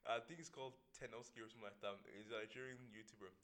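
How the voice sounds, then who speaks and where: A man's voice: lowish voice, fairly even intonation, rapid-fire, fairly bright tone. A young man from Ireland talking casually as co-host, rambling and often laughing. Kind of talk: casual chat.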